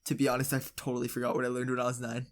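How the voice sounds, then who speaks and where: A teenage vlogger telling a storytime tale in a chatty, exaggerated way with quick asides. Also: medium pitch, monotone. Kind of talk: storytime narration.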